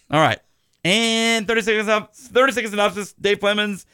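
A man's voice: high voice, fairly even intonation, brisk, sharp tone, clean tone, no echo, studio quality. A man hosting a podcast, chatting casually in a jokey, rambling way with lots of fillers. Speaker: podcast host.

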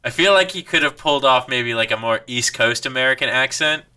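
A man co-hosting a movie podcast, giving opinionated, measured takes and correcting himself. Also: medium pitch, expressive, bright, forceful tone, clean tone. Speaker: podcast co-host. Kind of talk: casual movie review chat.

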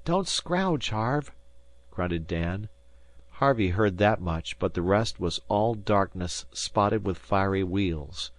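A man reads a classic novel aloud as an audiobook, his voice on the low side and his delivery measured and even. The recording is dry and close, with no room around it. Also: no room sound. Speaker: audiobook narrator. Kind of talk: scripted narration.

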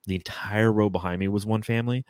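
A man's voice: lowish voice, fairly even intonation, fast, darkish tone, no echo, studio quality. A man co-hosting a podcast, telling rambling, profane stories in casual chat over a remote call. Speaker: podcast co-host.

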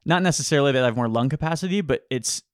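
A young adult man who is a beatboxing guest, chatting casually and explaining in a relaxed way with "you know" asides. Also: mid-range voice, very fast, no echo, clean studio sound. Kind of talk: casual chat.

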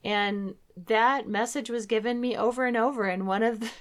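A woman's voice: on the high side, steady tone, moderate pace. A middle-aged woman co-hosting a faith talk program, sharing a personal testimony in an earnest storytelling manner. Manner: earnest storytelling, acting out her own past words. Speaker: co-host of a Christian talk program.

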